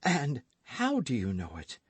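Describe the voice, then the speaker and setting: A man reading an audiobook voices a cold, scheming noblewoman who coaxes and commands, in a soft, measured way. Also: mid-range voice, wildly swooping pitch, slightly rough, no echo, pitched above the performer's own voice, heavily acted.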